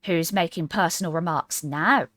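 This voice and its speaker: A woman's voice: lowish voice, moderate pace, fairly bright tone, no echo. A woman voicing a rude, mocking male hatter who speaks curtly. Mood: snappish. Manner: curt, mocking. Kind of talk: storybook character voice.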